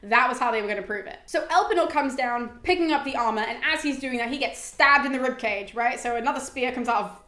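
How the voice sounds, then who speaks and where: A woman host retelling a story in a chatty, animated way, with lots of "like" and the odd swear word. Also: on the high side, quick pace, faint music behind. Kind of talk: casual explainer. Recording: echoey room.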